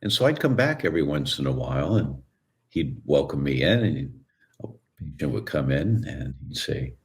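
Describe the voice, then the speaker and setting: A man with an extremely low voice speaks as an interview guest, unhurried and conversational. He tells stories and slips briefly into the voices of people he quotes. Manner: relaxed storyteller who acts out quoted voices. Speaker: guest, chiropractor. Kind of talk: storytelling interview answer.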